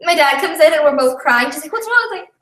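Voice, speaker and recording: A woman's voice: sits high, animated, fast talker, bright, forceful tone. A young woman chatting casually on a live stream, rambling and giggly with lots of fillers, recorded at home. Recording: echoey room, a bit far from the mic.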